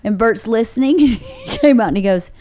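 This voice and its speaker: A woman's voice: a little high, animated, a little fast, warm tone, no echo, studio quality. A woman hosting a podcast, telling a story in casual chat with lots of swearing and acted-out quotes. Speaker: podcast host.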